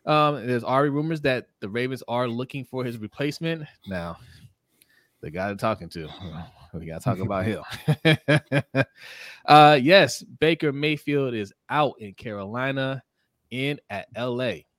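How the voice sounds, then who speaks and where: This mid-range male voice moves at a measured pace, captured in clean studio sound without echo. He's an animated sports livestream co-host who reads chat comments aloud, greets viewers by name, and laughs a lot.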